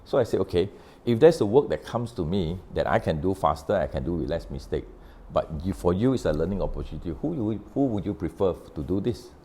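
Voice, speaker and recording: Low-voiced Malaysian man telling a story. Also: animated, mellow, slight background noise. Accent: Malaysian English. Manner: recounts conversations with quoted dialogue, unhurried, explanatory. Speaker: author sharing on his book. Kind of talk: casual storytelling talk.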